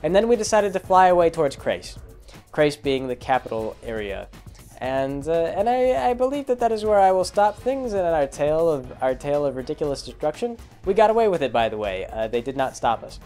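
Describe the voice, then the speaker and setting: A man's voice: a little high, big pitch swings, brisk, a little mellow, soft background music. A man casually retelling a tabletop game campaign, rambling and amused with many fillers. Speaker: storyteller. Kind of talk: casual storytelling vlog.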